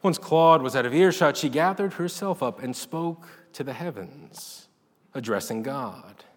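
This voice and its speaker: A man narrating a literary short story in an expressive, dramatic reading style. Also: mid-range voice, measured pace. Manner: dramatic, animated delivery. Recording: long reverb.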